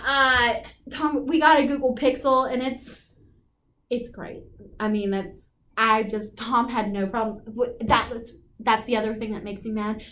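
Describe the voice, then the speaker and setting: A woman's voice: fairly high pitch, bright, forceful tone, a little hiss or hum. A woman in her thirties co-hosting a casual chat, talkative and self-deprecating with lots of fillers. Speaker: podcast co-host.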